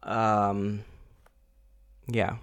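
A man podcasting from home in a rambling, unedited monologue, frustrated and swearing often, with halting pauses and fillers. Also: fairly low pitch, level tone, fairly bright tone, clean tone, no echo.

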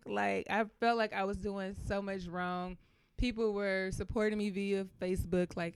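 A woman in her thirties hosting a talk show, telling stories in a lively, colloquial way. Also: medium pitch, normal speed, clean tone, dry recording. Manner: animated, storytelling, Southern-style colloquial speech. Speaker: podcast host. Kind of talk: casual chat.

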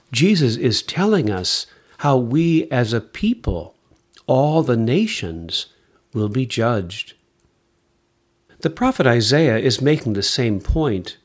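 A man reading scripture and preaching a sermon in a measured, expressive way. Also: mid-range voice. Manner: slow, measured and expressive delivery.

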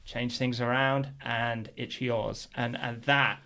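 A middle-aged man, chatting as a guest on a podcast. He tells stories with lively energy and acts out what people said. His voice sits at an ordinary, mid-range pitch. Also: slow pace. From England. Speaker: guest, pro BMX rider. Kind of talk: casual storytelling.

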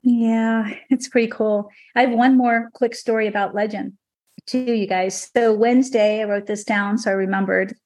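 A woman's voice: fairly high pitch, steady tone, normal speed, a little mellow. A woman on a podcast telling an emotional personal story in a conversational, earnest way, with many fillers. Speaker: podcast guest speaker.

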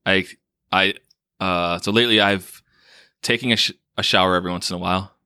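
A man's voice: low-pitched, steady tone, brisk, pushed and bright, clean tone, no room sound, clean studio sound. A man hosting a podcast in casual chat, laughing often and joking around. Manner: laughs a lot, loose and joking. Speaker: podcast host.

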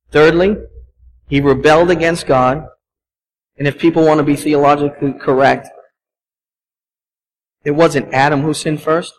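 A pastor delivers his sermon in a fairly high male voice, earnest and searching, leaning on questions to the congregation. His volume sinks low at the ends of points. Faint church ambience hums behind him. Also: slight background noise, rough recording. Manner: earnest preaching with rhetorical questions, voice often dropping low. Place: church sanctuary.

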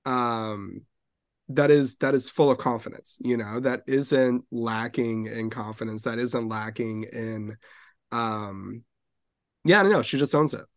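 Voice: mid-range voice, a little slow, no room sound, studio quality. A podcast co-host in casual chat, talking enthusiastically and acting out characters' lines with gusto.

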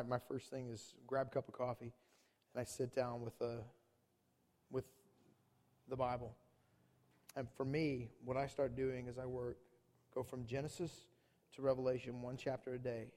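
A man preaching a sermon as pastor, animated, swinging between booming lines and hushed ones. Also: in a large hall.

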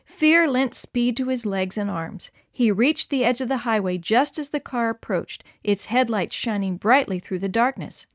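A woman narrating a story in a clear, expressive read-aloud manner. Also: a little high, normal speed, few pauses, no echo, clean studio sound. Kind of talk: scripted narration.

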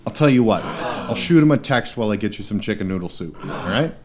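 A man acting in a comedy sketch, with a dry, exasperated deadpan delivery. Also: lowish voice, fast talker, a loud crowd. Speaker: comedy podcast host.

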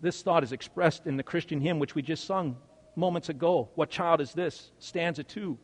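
A male pastor preaching a sermon, swinging from loud, stressed words to hushed, quiet lines. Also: a little high, moderate pace, long reverb tail.

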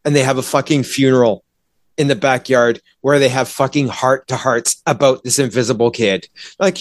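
A man's voice: mid-range voice, fairly even intonation, moderate pace, dry recording, clean studio sound. A man in a casual podcast chat, ranting with exasperation about a movie, swearing often and acting out characters' lines. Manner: exasperated, profane, acts out characters in quoted voices. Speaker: movie reviewer.

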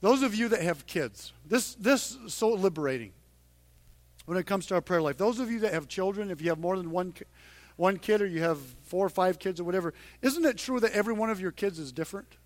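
A male pastor preaching a sermon to his congregation in church, earnest and emphatic, growing louder on the points he stresses. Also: sits high, expressive, fairly quick.

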